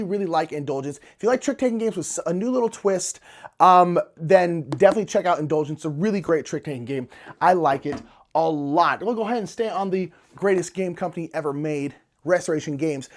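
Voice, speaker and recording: Man gushing about board games, casual vlog talk, lots of ums and likes. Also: high voice. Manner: enthusiastic, chatty, many fillers. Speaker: board game reviewer. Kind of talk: casual game review vlog.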